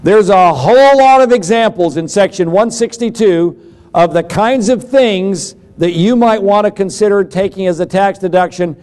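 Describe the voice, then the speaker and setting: Middle-aged male seminar lecturer, high-pitched, folksy, talks to the class and plays out quick dialogues. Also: a little mellow. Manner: folksy, acts out little dialogues. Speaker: seminar speaker on taxes.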